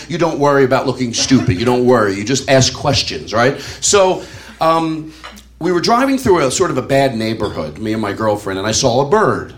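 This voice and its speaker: In a live club recording with audible room noise, a middle-aged man with a slightly high, somewhat bright voice performs a rambling stand-up set on a comedy club stage. He chuckles through his own stories and uses plenty of fillers.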